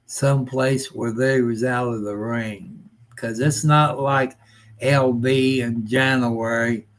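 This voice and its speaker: Live-stream host, older man, unhurried folksy rambler with a plain middle-pitched voice. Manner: folksy, rambling, grumbling, with rural nonstandard grammar. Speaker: livestream host.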